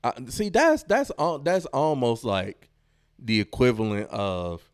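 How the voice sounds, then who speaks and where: A man's voice: mid-range voice, wildly swooping pitch, a little slow, smooth, no echo, studio quality. A man hosting a podcast, reacting to clips in a casual, slangy way, laughing often.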